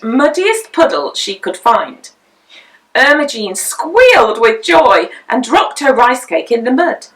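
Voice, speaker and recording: A woman reading a picture book aloud as a storyteller, with an expressive, sing-song delivery, slightly distant from the mic. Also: a little high, vocal fry.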